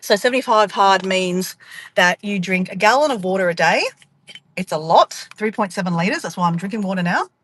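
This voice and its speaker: A woman's voice: mid-range voice, brisk, fairly bright tone. An Australian woman chatting to camera from inside her car, rambling and calling her viewers guys. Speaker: vlogger. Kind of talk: casual chat to camera.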